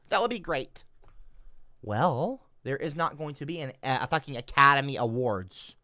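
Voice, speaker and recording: A man's voice: mid-range voice, animated, normal speed, bright, forceful tone, no room sound, clean studio sound. A man live streaming, reading and answering his chat in a rambling, profane, exasperated rant.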